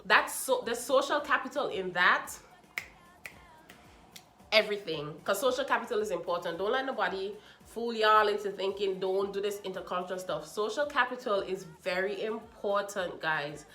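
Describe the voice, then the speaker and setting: Young woman, sassy reality TV review, bright voice, echoey room, faint music behind. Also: medium pitch, normal speed. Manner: animated, sassy, quotes people in mocking asides. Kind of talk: casual chatty commentary.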